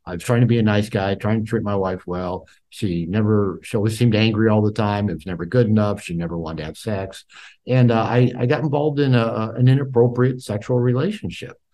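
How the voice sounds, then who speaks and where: A man's voice: on the low side, fairly quick, warm tone. An older man in an interview, a therapist and author, telling his personal story candidly and reflectively, with many fillers and restarts.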